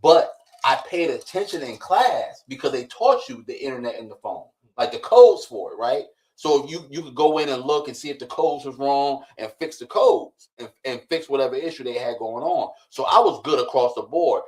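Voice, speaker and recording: A man's voice: medium pitch, normal speed. A man in his thirties co-hosting a podcast, telling a story in casual chat and acting out the dialogue. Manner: animated storyteller, acts out quoted dialogue, frequent "right?". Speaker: podcast co-host.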